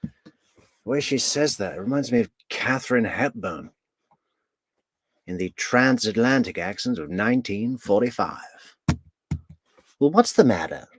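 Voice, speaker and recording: Slow, sardonic man commentating. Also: mid-range voice, lively intonation, fairly bright tone, dry recording. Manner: mocking, sardonic, mimics in sudden outbursts. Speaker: true crime commentator. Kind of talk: sarcastic commentary over trial clips.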